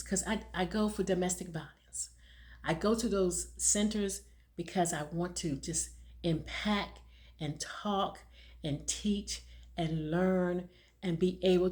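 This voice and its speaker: A middle-aged woman talking earnestly to viewers as a caregiver and awareness speaker, repeating phrases for emphasis. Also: fairly high pitch. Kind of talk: heartfelt personal talk to viewers.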